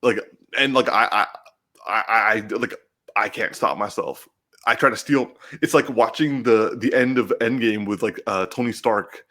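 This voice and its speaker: A man co-hosting a casual podcast, talking excitedly and emotionally with lots of restarts and swearing. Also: lowish voice, moderate pace. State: getting teary-eyed. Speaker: podcast co-host.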